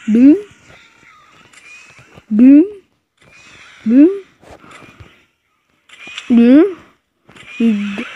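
Excitable woman commenting on gameplay. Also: on the high side, poor audio. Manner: excitable, repeats short exclamations. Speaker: gaming channel host.

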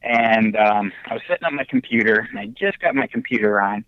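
A man telling his ghost story as a podcast guest, animated and excitable, with big jumps in his voice. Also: lowish voice, fairly quick, dry recording. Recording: dull, lo-fi remote audio.

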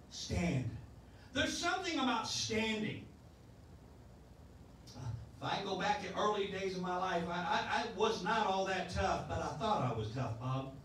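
A man's voice: sits high, fairly bright tone, slight background noise. A man in his sixties preaching a sermon as pastor, in a folksy style with many restarts. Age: 60s. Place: church sanctuary. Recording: echoey church sound from a distance.

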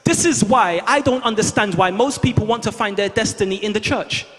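Man, very high voice, fervent preacher, call-and-response, reverberant church hall. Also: a little fast, a bit bright. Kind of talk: sermon. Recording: long reverb of a large hall.

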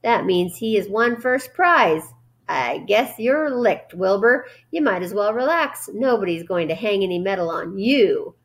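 Woman doing a husky, gloating rat. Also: medium pitch, lively intonation, a little slow. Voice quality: husky, hoarse. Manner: drawling, gloating. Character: gluttonous male rat, sly and smug.

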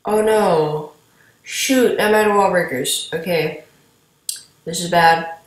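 A woman's voice: on the low side, slow. A woman giving casual, rambling commentary while playing a game and talking to her viewers. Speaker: gameplay commentator. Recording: echoey room.

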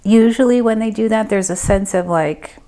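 A woman working as a medium, giving a group reading and thinking aloud in a casual, hesitant way with many pauses and fillers. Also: medium pitch, dark tone.

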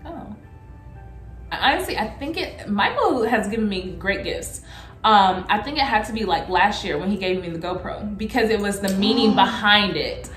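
A woman's voice: normal speed, echoey room, soft background music. A woman, a vlogger chatting casually and telling a story with lots of laughter. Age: 30s. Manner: animated, laughing, acts out quotes in a high excited voice.

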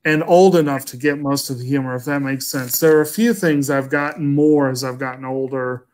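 A man in his thirties co-hosting a casual movie podcast, relaxed and agreeable, thinking aloud. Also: medium pitch, fairly quick. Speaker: podcast co-host.

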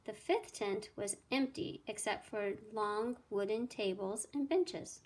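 A woman teacher reading a children's math story aloud with clear, expressive storytelling. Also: mid-range voice, slow.

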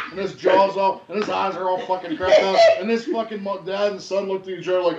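A man with a fairly high voice tells a raucous story, swearing constantly and acting out each part with big energy. He is recorded at home, and the sound is echoey and dull, like a lo-fi room recording. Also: fairly quick, a little hiss or hum. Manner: profane, animated storytelling. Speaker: podcast host. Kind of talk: casual storytelling.

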